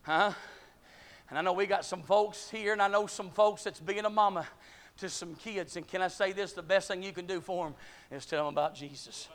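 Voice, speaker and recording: Fervent high-voiced preacher man. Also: normal speed. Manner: shouting, rising fervent preaching. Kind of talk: sermon. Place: church.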